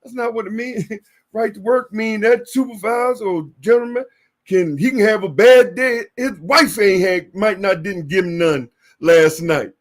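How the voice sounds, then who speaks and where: A man from the northern United States hosting a casual talk show, telling stories with profanity and acting out both sides in loud bursts. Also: high voice, a little slow. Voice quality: profane and emphatic. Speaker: show host. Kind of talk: casual sports talk chat.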